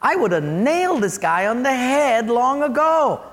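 An amazed onlooker gushes emphatically, as a preacher plays him. The voice rides high and lively. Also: male voice, unhurried, exaggerated voice. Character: amazed male onlooker customer.

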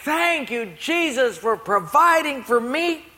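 A man's voice: very high voice, animated, slow pace, sharp tone, pitched above the performer's own voice, heavily acted. A man voicing a poor, cheerful old woman who gives thanks in a joyful sing-song, heard with long hall reverb. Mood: grateful.

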